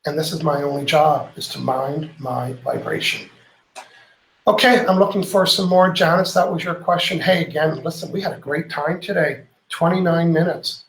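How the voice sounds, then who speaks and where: A middle-aged man hosting a live show, reading viewer comments and telling stories in an animated way, acting out the lines he quotes. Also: fairly high pitch, moderate pace, reverberant, slight background noise, rough recording. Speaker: host.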